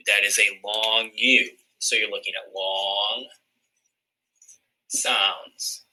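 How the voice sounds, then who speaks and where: A man teaching a recorded phonics lesson, explaining word patterns clearly, step by step. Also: lowish voice, steady tone, very slow, pauses often, bright, forceful tone, poor audio.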